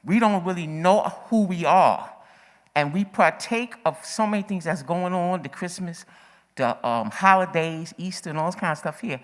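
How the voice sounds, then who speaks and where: At an open-mic forum in an echoey hall, a woman from the audience speaks with passion, slightly breathless and repeating herself as her urgency grows. Her voice sits on the low side, at a moderate pace.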